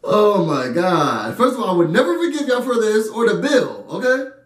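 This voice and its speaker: A young man telling a story in an animated way, often laughing and acting out his friends. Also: sits high, moderate pace. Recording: echoey room, a bit far from the mic.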